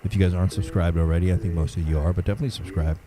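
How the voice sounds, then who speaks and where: Deep-voiced man hosting a livestream. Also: steady tone, rapid-fire, a crowd in the background, rough recording. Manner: greets chat viewers by name, laid-back. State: a little under the weather, sniffling. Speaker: livestream host. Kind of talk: casual livestream chat.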